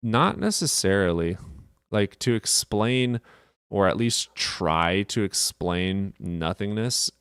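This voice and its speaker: A man streamer in casual livestream chat, reading and answering chat questions in a rapid, profane, offhand way. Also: sits low, clean tone, no room sound, clean studio sound.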